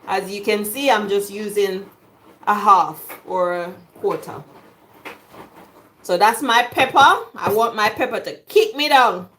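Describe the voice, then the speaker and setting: Slow-talking Jamaican woman, chatty cook. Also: mid-range voice, a bit bright. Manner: chatty, jokey, laughs often. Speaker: cooking vlogger. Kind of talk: casual cooking chat. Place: home kitchen.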